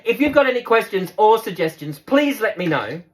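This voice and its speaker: A man's voice: sits high, very animated, normal speed. Chatty Australian man demonstrating kitchenware. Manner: chatty and upbeat, talking straight to viewers. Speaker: cooking demonstrator. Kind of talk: casual cooking demonstration.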